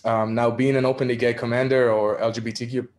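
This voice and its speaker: A young adult man from Israel, an activist, candidly recounting a personal story in a virtual talk, with frequent ums and soft laughs. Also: mid-range voice, flat delivery, fast. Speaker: activist speaker. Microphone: video call.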